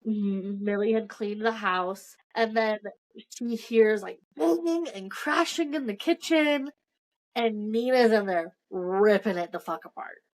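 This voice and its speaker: A woman's voice: medium pitch, a little slow, low-quality recording. A young woman co-hosting a podcast, retelling a book's plot in casual chat, acting out characters' lines with lots of "like". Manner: animated storytelling, acts out characters' lines, filler-heavy. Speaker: podcast co-host. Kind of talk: casual book discussion chat.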